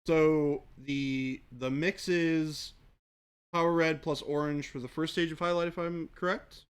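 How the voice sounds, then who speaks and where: A man co-hosting a miniature painting livestream answers chat questions in an easygoing way, using lots of fillers. His voice is on the high side, smooth and unhurried, with fairly even intonation.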